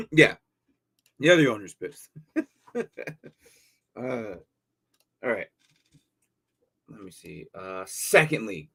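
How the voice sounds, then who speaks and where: A man with a gravelly, husky mid-range voice hosts a casual live stream about fantasy football. He reads viewer questions and thinks aloud, leaning on lots of fillers and repeated words.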